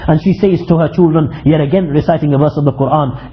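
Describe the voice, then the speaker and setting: A man telling a religious story as a lecture, quickly reciting Arabic verses between English retellings. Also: fairly high pitch. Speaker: Islamic lecturer. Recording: dull lo-fi lecture recording.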